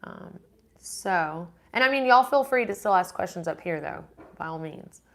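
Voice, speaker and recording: A woman's voice: lowish voice, expressive, moderate pace. A woman hosting a casual live-stream Q&A, reading viewer comments aloud and answering them in a rambling, chatty way. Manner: rambling with frequent restarts.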